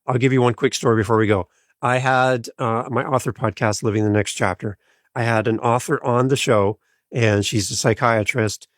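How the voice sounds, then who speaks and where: A man guesting on a podcast, energetic and full of stories about his own shows. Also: mid-range voice, normal speed, no room sound, studio quality. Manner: energetic, storytelling. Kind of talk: casual interview chat.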